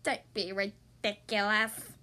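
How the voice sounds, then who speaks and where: A woman's voice: medium pitch, voice pushed down. Woman voicing a stern disapproving neighbor lady. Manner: slow, flat, scolding.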